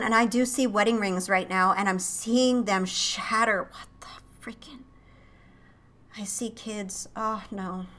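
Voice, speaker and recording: Bright, emotive woman tarot reader. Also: medium pitch. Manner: emotive, exclaiming as impressions come in. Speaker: tarot reader and psychic channel. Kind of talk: intuitive tarot reading to camera.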